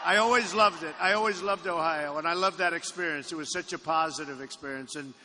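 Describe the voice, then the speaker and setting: A man's voice: a little high, brisk, bright, forceful tone. A man giving a rally speech in a hangar, boastful and rambling, often repeating his phrases. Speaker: presidential candidate at a campaign rally. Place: aircraft hangar with a crowd. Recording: echoey hangar, faint background noise.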